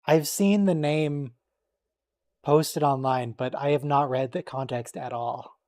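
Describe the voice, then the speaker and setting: A man's voice: a little high, steady tone, darkish tone. Joking man hosting a watch-along. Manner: joking, quick to react and tease. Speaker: stream host. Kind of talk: casual watch-along chat.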